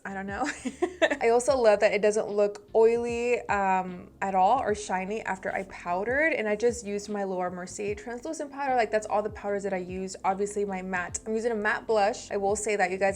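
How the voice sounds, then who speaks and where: A woman's voice: medium pitch, normal speed. A woman in her thirties doing a chatty, bubbly makeup review vlog, talking straight to her viewers. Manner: chatty, bubbly, talks to viewers as "you guys". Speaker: beauty vlogger.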